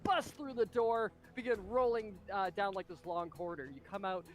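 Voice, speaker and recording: A man narrating as game master of a tabletop game, excitable and full of fillers and spoken sound effects. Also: high-pitched, normal speed.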